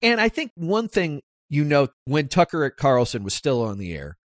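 A man hosting a political talk podcast, speaking emphatically and climbing in pitch as he drives his points home. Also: normal speed, no room sound, studio quality. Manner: animated, emphatic, rises sharply when making points. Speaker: podcast host. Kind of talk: conversational political interview.

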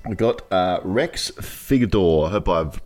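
A man's voice: deep voice, animated, slow pace, a little mellow. A young man co-hosting a podcast in casual banter, making mock-solemn, theatrical announcements and laughing a lot. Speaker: podcast co-host. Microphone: remote call recording.

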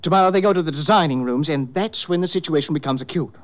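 A man's voice: fairly high pitch, quick pace, close to an everyday voice. An actor playing a polished male fashion designer who speaks in a courteous, businesslike way, in 1940s radio acting. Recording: dull old 1940s radio recording.

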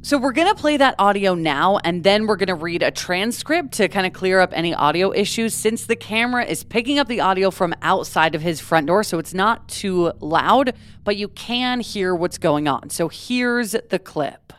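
A woman's voice: mid-range voice, lively intonation, normal speed, a bit bright, smooth. A woman co-hosting a true crime podcast, recounting events in a casual, conversational way with many fillers. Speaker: podcast co-host.

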